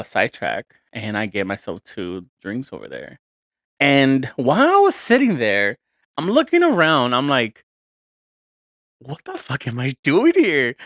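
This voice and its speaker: A man's voice: medium pitch, a bit bright, no room sound, studio quality. A man in his thirties hosting a podcast, telling a story in a casual, profane, rambling and exasperated way. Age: 30s. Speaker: podcast host.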